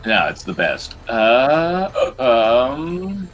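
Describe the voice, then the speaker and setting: A man playing in a tabletop game over a call. He is hiccuping, swears a lot and talks in halting, distracted bits. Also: medium pitch, big pitch swings, soft background music. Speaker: player.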